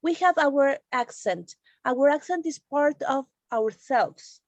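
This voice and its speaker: Female host of an online teachers' meeting, higher pitch, dry close sound, explanatory. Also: animated, slow, no room sound. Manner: explanatory, reassuring. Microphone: video call.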